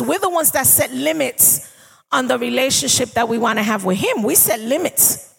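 Gravelly woman preaching in a big hall. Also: high voice, expressive, moderate pace, a little hiss or hum. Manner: conversational preaching, asks the congregation for agreement. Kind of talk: sermon. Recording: long reverb of a large hall.

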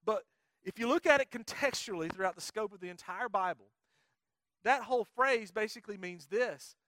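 A male pastor preaching a sermon, playful and energetic, coaxing the congregation to join in. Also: high voice, normal speed, no echo, clean studio sound. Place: church sanctuary.

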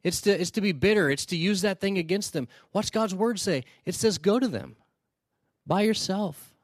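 A male pastor preaching a sermon, telling stories in a conversational way with quick asides and restarts. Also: high-pitched, lively intonation, no echo, clean studio sound. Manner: storytelling, conversational with quick asides and repeated starts.

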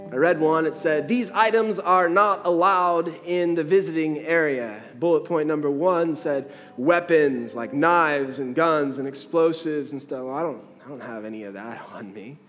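A man who is a pastor, telling a story in a sermon and acting out the dialogue with lively changes of voice. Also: on the high side, big-room sound. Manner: animated storyteller, acts out the dialogue.

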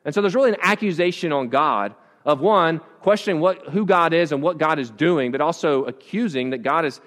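Man, pastor, conversational sermon, frequent restarts, fairly high voice, long reverb. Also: a little fast, hardly any pauses, a bit bright. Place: church.

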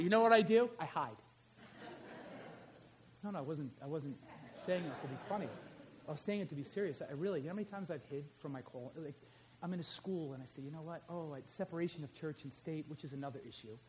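A middle-aged man preaches in a small church with a high, lively voice. He talks straight to the congregation, swinging from loud calls to action to a quiet, confiding telling of a personal story. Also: quick pace, a little hiss or hum. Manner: animated, conversational, addresses congregation directly. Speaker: pastor and high school teacher.

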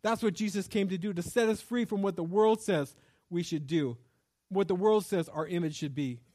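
A male pastor with a notably high voice preaches with passion. He slips in and out of heartfelt prayer while he reads scripture and urges his listeners on. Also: moderate pace, a little mellow. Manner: impassioned preaching, rising into prayer. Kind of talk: sermon.

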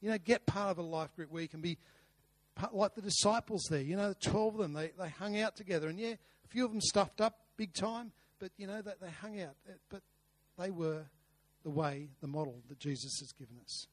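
A man's voice: sits high, brisk, no room sound. A man preaching a sermon, earnest, with rhetorical questions and repeated words. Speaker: pastor. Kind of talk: sermon with a told story.

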